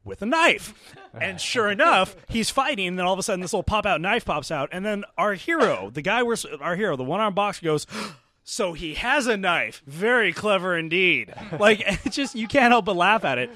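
Podcast co-host, man, a bit higher than most, tells stories animatedly. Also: brisk. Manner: animated storyteller, acting out scenes. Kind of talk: casual chat.

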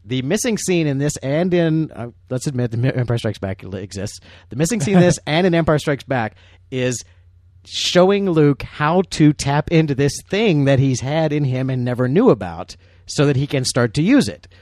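A man's voice: fairly high pitch, normal speed, dry recording. Dry-sounding chatty male film commentator. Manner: rambling, restarts sentences, animated storytelling. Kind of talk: casual commentary chat.

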